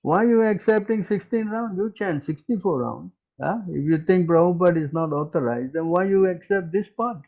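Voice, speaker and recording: A man teaching in a question-and-answer session, forceful and scolding, who keeps asking "huh?" and "hello?". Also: high voice, normal speed, few pauses, lo-fi sound.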